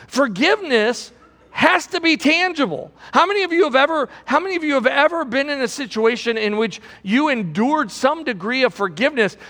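A man's voice: very high-pitched, pushed and bright, big-room sound. A man preaching a sermon as pastor in a large auditorium, building with emphasis and repeating his phrases.

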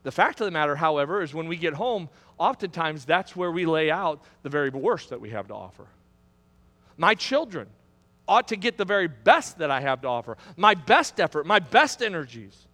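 High bright-voiced male pastor preaching. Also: big pitch swings, normal speed, long reverb tail. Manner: preaching with rising emphatic build-ups and repetition. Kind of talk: sermon. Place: church sanctuary.

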